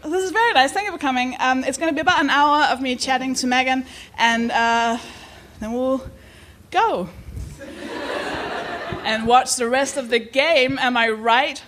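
A woman's voice: sits high, fairly even intonation, a little slow, a bit bright, a little hiss or hum. A woman hosting a live podcast before an audience, chatting, giggling and swearing as she mocks herself. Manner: giggly, swearing, self-mocking. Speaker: podcast host.

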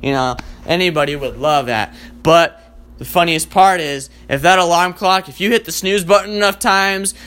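A man doing a rambling, profanity-filled comic rant in a casual, animated way. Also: high-pitched, normal speed. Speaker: comedian.

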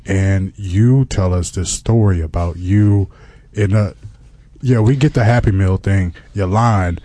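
Host, low and mellow male voice, teasing, takes charge, dry studio sound. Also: measured pace, no echo. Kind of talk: comedic banter.

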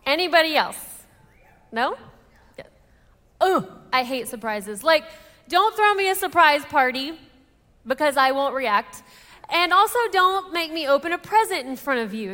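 A woman's voice: high voice, bright, forceful tone. A woman in her thirties with a Texan accent, telling a chatty, self-deprecating personal story to a church audience and asking them questions. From Texas. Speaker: speaker at a church women's event. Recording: reverberant church hall.

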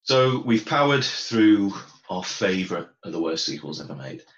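A man's voice: sits low, lively intonation, moderate pace, muffled recording. A man co-hosting a podcast, chatting casually about a film with dry, wry asides. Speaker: podcast co-host. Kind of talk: casual film review chat.

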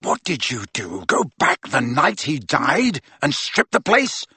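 A furious teenage boy wizard who snarls and spits his words, read by a man. The delivery swings lively in pitch. The recording is dry and close. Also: unhurried, husky, dry recording, exaggerated voice. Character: angry teenage boy wizard, hot-tempered.

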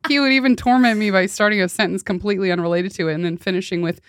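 A woman's voice: medium pitch, fairly even intonation, racing, no echo. A woman co-hosting a comedy podcast, reading a post aloud in casual chat and laughing often as she reads. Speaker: podcast co-host.

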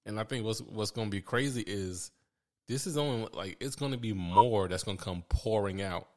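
A man's voice: lowish voice, normal speed, a little mellow. A man co-hosting a casual podcast chat, talking in a laid-back, agreeable way.

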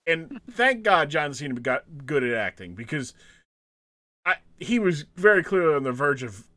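A man's voice: on the high side, normal speed, no echo. A man hosting a casual podcast, retelling events with lots of laughter and acted-out quotes. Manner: animated storyteller, laughs often, acts out quotes. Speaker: podcast host. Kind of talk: casual chat recapping wrestling.

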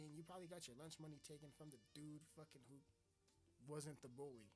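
A man's voice: a little high, fairly quick, a little mellow. A man hosting a stream and delivering a crude, swearing, mock-offensive comedic rant. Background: faint music.

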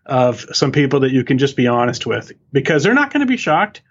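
A man's voice: mid-range voice, sing-song, a little fast, breathy edge, lo-fi sound. A man who is an author and guest on a podcast, explaining his points earnestly and steadily. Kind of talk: interview answers.

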